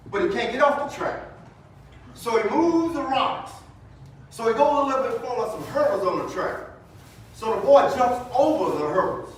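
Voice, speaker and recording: A man with a high voice preaches at a funeral, spinning homespun stories and circling back on his words as he goes. He is picked up from a distance in a very echoey hall, with a faint hiss beneath him. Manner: storytelling, preacherly, repetitive restarts. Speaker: funeral speaker. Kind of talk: folksy funeral sermon.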